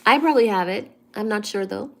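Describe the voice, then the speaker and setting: A woman hosting a casual livestream, greeting viewers one by one by name and answering chat in a soft-spoken way with frequent ums. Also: medium pitch, a little fast. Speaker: livestream host reading chat.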